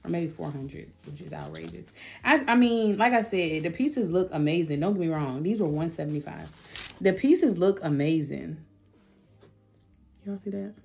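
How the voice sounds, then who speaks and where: A woman's voice: on the low side, lively intonation, moderate pace, vocal fry, darkish tone, faint music behind. A woman, chatting casually to her viewers in a home vlog, full of fillers and asides. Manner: chatty, addresses viewers as y'all, lots of fillers. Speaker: vlogger. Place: home office.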